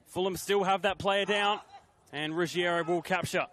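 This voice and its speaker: A man doing live play-by-play commentary on a football match, calling the action in brisk, clipped phrases that lift with the play. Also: high-pitched, steady tone, fairly bright tone.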